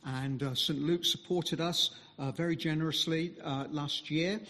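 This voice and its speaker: A man speaking as a visiting mission speaker, giving a conversational sermon full of pauses and fillers. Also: fairly high pitch, steady tone, a bit bright, long reverb tail. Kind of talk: sermon talk.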